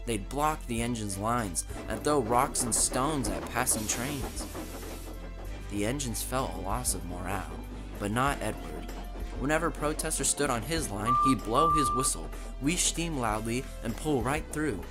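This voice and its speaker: A man narrating a children's train story in an expressive, dramatic storytelling way. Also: mid-range voice, unhurried, over loud music.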